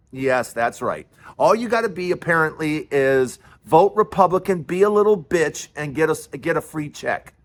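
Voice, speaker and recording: High-pitched guy ranting on his commentary show, sarcastic, mocking, lots of swearing. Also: a bit bright. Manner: fiery, scornful. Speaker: political commentary host.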